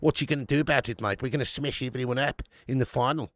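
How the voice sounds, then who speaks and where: A man's voice: mid-range voice, quick pace, dry recording, studio quality, close to an everyday voice. A man putting on a brash South African fan. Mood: cocky. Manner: brash, swaggering trash talk.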